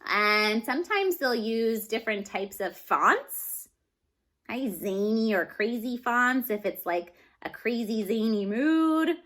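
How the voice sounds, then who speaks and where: A woman's voice: fairly high pitch, expressive, takes it slowly, fairly bright tone. A woman teacher giving a reading lesson to children, talking expressively and often checking in with "okay?".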